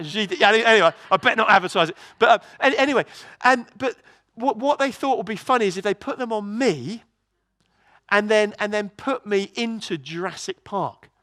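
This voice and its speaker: A man preaching a sermon in a church, telling a story in a lively way with many restarts. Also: high-pitched, no room sound.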